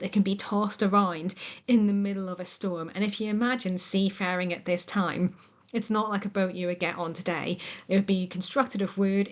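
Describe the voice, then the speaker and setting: A woman teaching a literature lesson, explaining a play in a chatty way and paraphrasing its lines in modern words. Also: medium pitch. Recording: muffled lo-fi recording.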